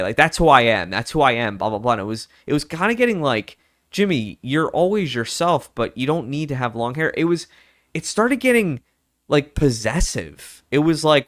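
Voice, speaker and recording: A young man talks candidly and loosely to the camera, looping through fillers and quoting his own past thoughts. His voice sits at an average pitch, and the recording is close and dry, with almost no room sound. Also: a bit bright, dry recording. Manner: candid, rambling, lots of fillers and self-quotes. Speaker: vlogger. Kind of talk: personal casual chat.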